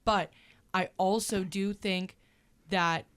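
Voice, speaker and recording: A woman's voice: mid-range voice, steady tone, slow, a bit bright, clear, resonant tone. A young woman co-hosting a casual chat, earnest and chatty, filling her talk with "like". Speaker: co-host.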